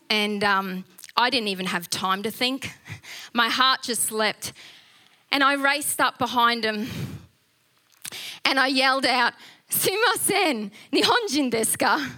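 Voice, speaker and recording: Middle-aged woman, high bright voice, chatty storyteller who laughs a lot and restarts often. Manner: animated, laughs often, many fillers and restarts. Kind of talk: casual storytelling testimony.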